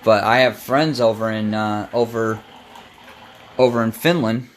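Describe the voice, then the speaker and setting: A young man streaming games and chatting loosely with viewers, pausing to answer his cat. His voice sits fairly low and he takes his time with each phrase. Faint noise hums underneath. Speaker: game streamer. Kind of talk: casual live-stream chat.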